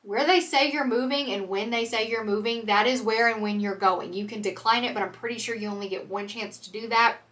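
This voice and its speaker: A woman's voice: on the high side, fairly even intonation, brisk, few pauses, fairly bright tone, recorded from a distance. A young woman chatting candidly to camera as a vlogger, full of "like" and "um". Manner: chatty, candid, filler-heavy with "like" and "um". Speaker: vlogger, military spouse. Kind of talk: casual chat to camera.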